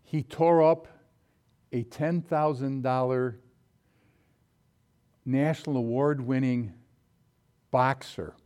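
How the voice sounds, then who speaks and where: A man with a medium-pitched voice preaches a sermon, animatedly telling personal stories. When acting out quotes, his voice jumps suddenly.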